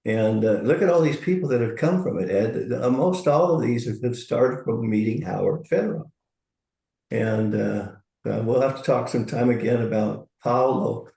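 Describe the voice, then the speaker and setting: Older male co-host, low gravelly voice, mellow tone, roomy echo, reflective. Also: lively intonation, moderate pace. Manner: reflective, earnest storytelling. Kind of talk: casual chat.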